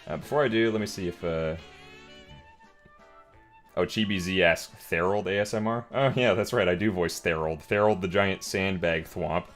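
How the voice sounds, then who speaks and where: A man's voice: low voice, moderate pace, pauses often, faint music behind. A man casually chatting during a live art stream, reading viewer questions in a rambling, filler-heavy way. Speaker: streamer and voice actor.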